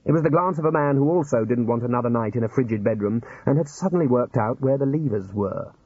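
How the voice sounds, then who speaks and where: A man narrating an audiobook in a dry, measured way. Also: medium pitch, a little mellow, husky, dry recording. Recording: dull lo-fi recording.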